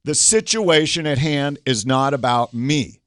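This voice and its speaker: A middle-aged man hosting a talk, coaching through conflict with animated stories and acted quotes. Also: medium pitch, unhurried, no room sound, studio quality. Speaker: host and coach. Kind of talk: casual talk show conversation.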